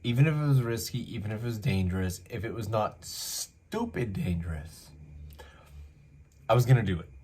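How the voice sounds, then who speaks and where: A man from Canada telling a story casually, lively and full of asides, as host. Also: lowish voice, normal speed, breathy edge. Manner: animated, acts out voices, many asides.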